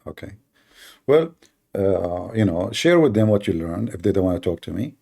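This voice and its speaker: A man's voice: low-pitched, sing-song, moderate pace, vocal fry, dark tone, husky. A man hosting a live debate stream, talking with callers in a mocking, often laughing way.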